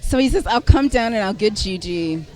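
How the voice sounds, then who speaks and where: A middle-aged woman telling a personal story as a podcast guest, animated and self-deprecating, laughing often as she talks. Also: medium pitch, normal speed. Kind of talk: conversational storytelling.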